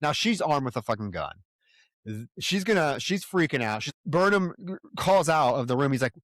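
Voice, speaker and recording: Swearing, animated male podcast co-host. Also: on the high side, moderate pace, no echo, clean studio sound. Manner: animated scene-by-scene retelling, swears freely. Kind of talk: casual film-discussion chat.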